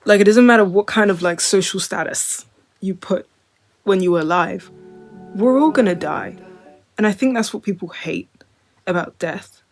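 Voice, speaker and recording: A young woman in her twenties talks straight to the camera in an unscripted, rambling way, leaning on "like" at every turn. Her pitch sits in an ordinary middle range, and she slides between earnest musing and offhand humor. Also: moderate pace, pauses often, faint music behind. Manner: rambling, lots of filler "like", drifting between wry and earnest. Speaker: vlogger. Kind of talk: casual monologue to camera.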